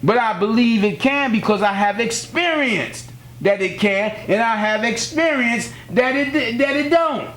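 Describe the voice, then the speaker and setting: A man's voice: very high voice, animated, unhurried, a bit bright. A man from the United States giving a spiritual teaching in an earnest, plainspoken way, repeating key phrases and telling personal stories. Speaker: religious teacher.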